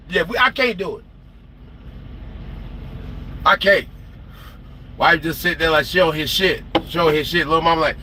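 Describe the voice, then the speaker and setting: A man with a bright, fairly high voice rants casually about family life. He swears freely and slips into the voices of the people he quotes. A faint hum of outdoor noise sits behind him. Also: moderate pace, pauses often. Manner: animated, profane, acts out quoted people. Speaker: trucker vlogger. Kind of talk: casual storytelling rant. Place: porch, outdoors.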